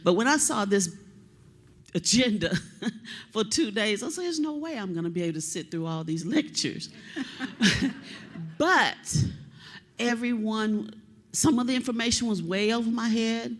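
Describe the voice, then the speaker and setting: Rising from the audience at a public meeting, a Kentucky woman with a missing soldier in her family talks through tears, rambling as she goes. She describes herself as a talker and is very chatty. Her voice is fairly high and animated, at a normal speed.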